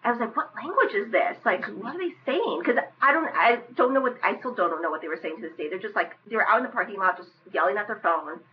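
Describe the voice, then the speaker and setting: A young woman from Western Massachusetts, a podcast guest chatting casually and quickly. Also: mid-range voice, expressive, lo-fi sound, slight background noise.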